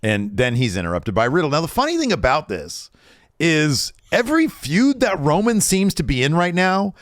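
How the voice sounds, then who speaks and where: A man co-hosting a wrestling podcast, retelling the show in a lively, casual way and slipping into quoted voices. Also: fairly high pitch, no echo, studio quality. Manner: animated retelling, quoting wrestlers in quick shifts of voice. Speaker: podcast co-host. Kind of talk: casual wrestling recap chat.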